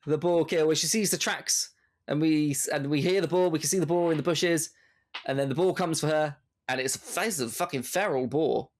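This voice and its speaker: A man co-hosting a podcast, talking through a film in animated casual chat, full of fillers and laughs. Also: a little high, normal speed. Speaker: podcast co-host.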